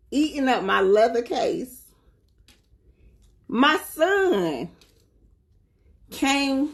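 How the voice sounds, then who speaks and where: A woman from North Carolina with a Southern accent, chatting casually and animatedly to her viewers, often laughing. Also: mid-range voice. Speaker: spiritual vlogger.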